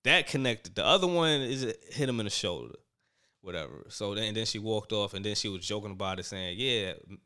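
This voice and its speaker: A man casually recapping events, animated and quoting people as he goes. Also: lowish voice, fairly quick. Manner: animated storyteller, quotes people in raised voices. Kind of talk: casual chat recapping a reality show.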